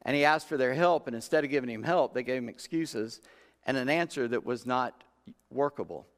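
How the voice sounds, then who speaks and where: A pastor with a medium-pitched, fairly quick voice preaches in a folksy, conversational style, acting out Bible characters in everyday speech. The long reverb of a large room surrounds him.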